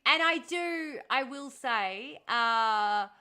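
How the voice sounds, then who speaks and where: A woman's voice: a little high, animated, extremely slow, bright, forceful tone, clean tone. A woman hosting a casual livestream, chatting with her viewers and answering them with frequent laughs and sarcastic asides. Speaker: livestream host reading chat.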